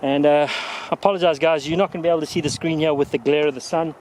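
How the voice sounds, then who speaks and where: A man's voice: fairly high pitch, fairly even intonation, fast, darkish tone, slight background noise. A man vlogging outdoors on a mountainside, casually reviewing gear in a folksy, joking, chatty way.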